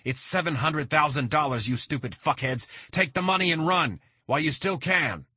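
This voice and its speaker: A man voicing a panicky male hostage in an audiobook, yelling at his captors. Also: fairly high pitch, animated, normal speed, slightly rough, no room sound, studio quality, voice pushed up, exaggerated voice. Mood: frantic. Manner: frantic, shouting.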